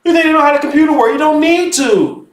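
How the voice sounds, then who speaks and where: A man teaching spirituality in a casual, animated lecture, emphatic and profane, who keeps calling the listener "bro". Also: very high voice, fast talker. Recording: roomy echo.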